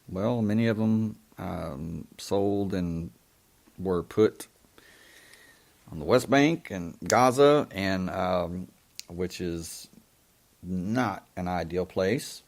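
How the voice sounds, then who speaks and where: A man hosting a live show monologue, halting and full of ums and restarts, with an indignant, emphatic way of talking. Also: sits low, creaky, a little mellow. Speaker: host.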